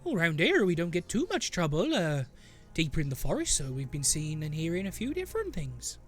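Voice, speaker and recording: A bubbly talking bush, put on by a game master in a tabletop game, fussing over visitors like a kindly aunt. Her put-on regional accent wanders from place to place, and her voice swoops with animated pitch. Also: fairly quick, faint music behind. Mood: gossipy. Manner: homely, motherly, calls others petal and dearie. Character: chatty excitable female flowering bush. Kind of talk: tabletop role-play character voice.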